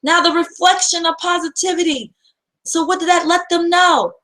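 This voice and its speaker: A woman's voice: very high voice, steady tone, moderate pace, a bit bright, poor audio. A woman giving a motivational self-help talk, earnest and repetitive, asking her listeners rhetorical questions over and over.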